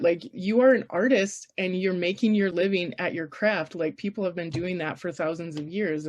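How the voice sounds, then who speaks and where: A woman's voice: on the low side, a little mellow. A woman from Canada presenting a casual writers' workshop, emphatic, blunt and encouraging.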